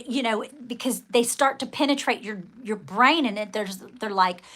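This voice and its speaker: A woman hosting a casual livestream, chatting with viewers in a rambling, animated way and acting out dramatic quoted outbursts. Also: a little high. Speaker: livestream host.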